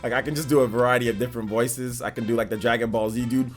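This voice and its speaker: A man with a deep voice, hosting a gaming livestream in a laid-back, slangy, rambling way. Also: steady tone, fast, hardly any pauses, soft background music. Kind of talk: casual livestream chat.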